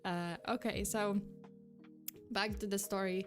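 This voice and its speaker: A woman's voice: mid-range voice, fairly even intonation, slow. Chatty young woman streamer, faint music. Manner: chatty, rambling, with frequent fillers and restarts, breaking off to thank chat. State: slightly out of breath. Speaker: VTuber streamer. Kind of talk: casual livestream storytelling.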